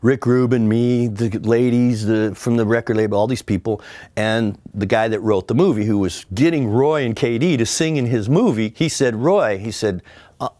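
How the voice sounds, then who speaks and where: A man, a record producer and guitarist, telling an anecdote in an animated way and mimicking the music with sound effects. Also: medium pitch, normal speed, no echo. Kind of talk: storytelling anecdote.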